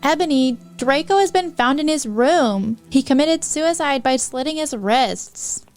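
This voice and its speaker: Woman putting on a shrill, wailing old wizard. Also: lively intonation, unhurried, faint music behind. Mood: distraught. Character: ancient male headmaster wizard, wailing in shock.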